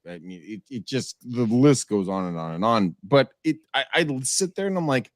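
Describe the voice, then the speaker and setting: A man co-hosting a real estate podcast, brash and animated, laughing often. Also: medium pitch, normal speed, dry recording, clean studio sound. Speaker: podcast co-host, cold caller. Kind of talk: casual chat.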